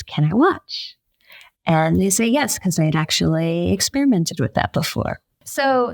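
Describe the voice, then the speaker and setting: A woman journalist, a podcast guest, telling a story in a lively way and acting out the quotes. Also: deep voice, creaky, dry recording. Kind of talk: conversational storytelling.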